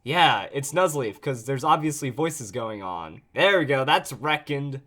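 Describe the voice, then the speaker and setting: A man's voice: mid-range voice, animated, a little slow, fairly bright tone. A man giving casual, chatty, jokey commentary while playing a video game. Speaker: let's play host.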